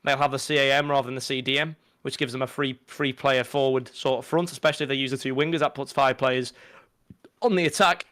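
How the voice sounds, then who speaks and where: A young man with a Liverpool accent, co-commentating an esports football final, talking in excited, rambling runs and restarting his sentences. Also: medium pitch, fast talker, no echo. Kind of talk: esports pre-match analysis.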